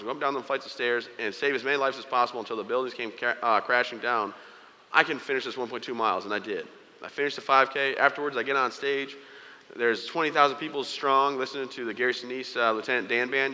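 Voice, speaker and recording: A man speaks to a large audience, spinning personal stories into jokes and teasing the crowd. His voice is bright and forward, and the sound carries the long echo of a big hall. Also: mid-range voice. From United States. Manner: joking storyteller, playful asides to the audience. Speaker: keynote speaker. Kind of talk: humorous motivational speech.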